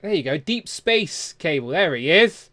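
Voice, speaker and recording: A man's voice: fairly high pitch, sing-song, a little slow, fairly bright tone, dry recording. Male host, chatty, close and dry. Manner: chatty, reads viewer comments aloud. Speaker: livestream host. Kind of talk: casual chat about toys.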